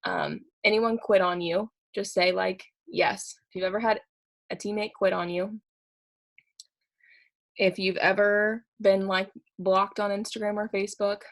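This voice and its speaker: A young woman giving a fired-up motivational talk to her sales team, repeating her points with quick laughs. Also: medium pitch, flat delivery. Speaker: network marketing team leader.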